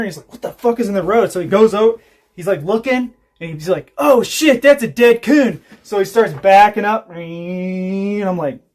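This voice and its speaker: A man, telling rambling, profane stories while chatting on a casual homestead livestream. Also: high-pitched. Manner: rambling, profane storytelling with laughs. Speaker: homestead vlogger.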